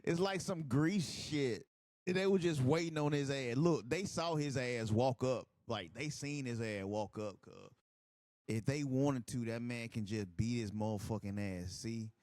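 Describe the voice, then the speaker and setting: Excitable man reacting to wrestling on his own channel, casual chat that breaks into profane outbursts, dry close sound. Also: medium pitch, a little slow, no room sound.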